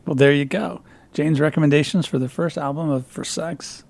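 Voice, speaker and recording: Gravelly, higher-voiced male host. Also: fairly even intonation, moderate pace, darkish tone. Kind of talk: casual interview chat.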